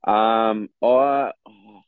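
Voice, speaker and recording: A man's voice: lowish voice, fairly even intonation, very slow, smooth, no echo. A young Australian man with an Australian accent, chatting as a guest on a podcast in a laid-back, frank way. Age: young adult. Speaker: guest athlete. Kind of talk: casual podcast chat. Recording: tinny phone-like line, dry.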